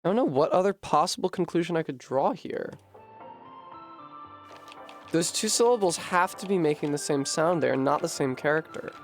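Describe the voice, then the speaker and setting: A man streaming a game from home, working through a puzzle out loud at a desk microphone with frequent swearing and frustration. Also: on the high side, normal speed, pauses often, faint music behind. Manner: profane, puzzling aloud, frustrated. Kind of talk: live-streamed gameplay commentary.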